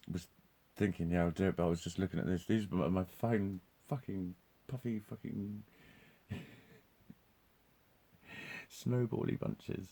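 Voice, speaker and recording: Male vlogger with a deep, warm voice, loose and profane, breaks into laughs. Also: vocal fry. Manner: swears constantly, laughs often, restarts sentences. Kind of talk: rambling live monologue.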